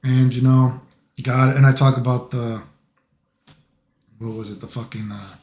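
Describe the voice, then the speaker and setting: A man's voice: medium pitch, fairly even intonation, unhurried, darkish tone, roomy sound. A middle-aged man from the United States, talking in a casual, rambling monologue full of filler phrases. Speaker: vlogger.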